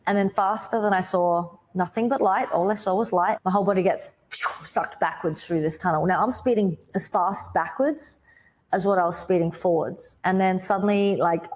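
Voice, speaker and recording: A woman with an Australian accent telling her personal faith testimony as a podcast guest, in a vivid, dramatic storytelling way with sudden loud bursts and lots of "like". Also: on the low side, fairly even intonation, moderate pace, slight background noise. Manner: vivid storytelling, says "like" a lot.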